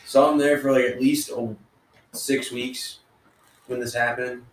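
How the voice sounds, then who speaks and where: A man, co-hosting a podcast and telling a story in a laid-back, unhurried way. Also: medium pitch, little pitch movement, far from the mic, a little hiss or hum. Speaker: podcast co-host. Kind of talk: casual chat. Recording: echoey room, a bit away from the mic.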